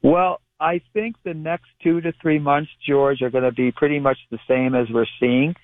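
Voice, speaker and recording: A man who is a guest on a call-in radio show explains palmistry in a measured way, often restarting his phrases. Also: on the high side, fairly even intonation, dry recording. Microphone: telephone. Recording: tinny phone line, dry.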